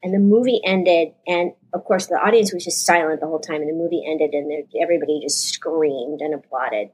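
Woman, 50s, husky, fairly low pitch, rambling emotional storyteller. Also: brisk, darkish tone. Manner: rambling, self-correcting recollection. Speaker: actress guest.

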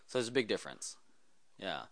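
A man's voice: fairly low pitch, big pitch swings, a little fast, gravelly, no room sound, studio quality. A man talking as a guest in a casual interview, telling rambling stories in a chatty way. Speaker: guest, automotive photographer.

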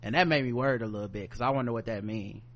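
A man's voice: mid-range voice, very fast, a bit bright, muffled recording. A man co-hosting a podcast, recapping a show animatedly, laughing often and acting out the characters in slang. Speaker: podcast co-host.

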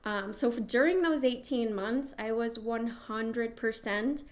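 A woman's voice: a little high, unhurried, lo-fi sound. A young adult woman speaking frankly and laughing often as a guest in a casual interview. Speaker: podcast guest.

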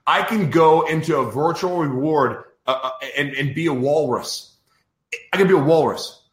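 A man's voice: a little high, moderate pace, roomy sound. A man hosting a podcast in a casual live-stream chat, exasperated and ranting over technical trouble. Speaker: podcast host.

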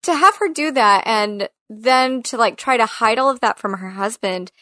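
Chatty woman with a higher voice. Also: expressive, normal speed, sharp tone, no echo, clean studio sound. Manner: chatty, lots of "like" fillers, acts out quotes. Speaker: podcast co-host. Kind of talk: casual film discussion chat.

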